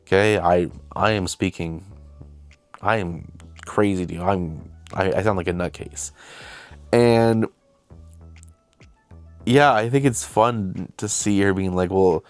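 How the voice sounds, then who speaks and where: A man's voice: low-pitched, takes it slowly, pauses often, clear, resonant tone, soft background music. A young man hosting his own channel, telling a casual, rambling, self-deprecating story about making a film. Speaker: video host and filmmaker.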